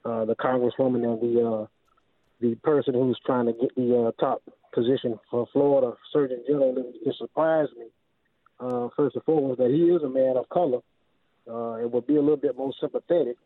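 A man calling in to a radio show, speaking in a hesitant, halting and polite way. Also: medium pitch, steady tone, no echo. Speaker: caller. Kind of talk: phone-in comment. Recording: tinny dry phone line.

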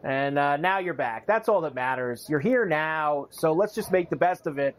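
A man co-hosting sports radio, talking in a relaxed way with lots of "uh" fillers. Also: on the high side, normal speed. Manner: relaxed, filler-heavy talk with frequent "uh". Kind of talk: casual sports talk.

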